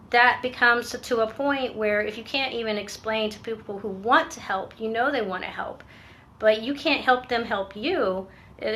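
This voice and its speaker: A woman, a veteran finishing a treatment program, talks candidly in a personal vlog. She is earnest and reflective and often pauses and restarts. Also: mid-range voice, slight background noise.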